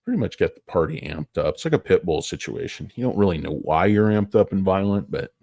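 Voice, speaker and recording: A middle-aged man hosting a rambling stock market stream, full of crude jokes, tangents and sudden loud bursts. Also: low-pitched, animated, a little fast, vocal fry, no room sound, studio quality. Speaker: stock market livestream host. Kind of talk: rambling casual market commentary.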